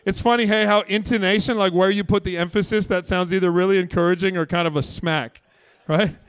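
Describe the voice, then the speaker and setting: Man, pastor, sermon, earnest and emphatic, chatty asides, fairly high voice, dry close sound. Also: fairly even intonation, fairly quick, clean tone, dry recording. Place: church service.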